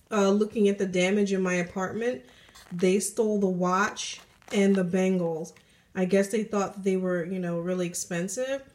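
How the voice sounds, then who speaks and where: Speaking in a mid-range, slightly mellow voice, a jewelry vlogger opens a package at home. She's effusive and grateful throughout this casual video, while a train can be heard faintly going by outside her apartment.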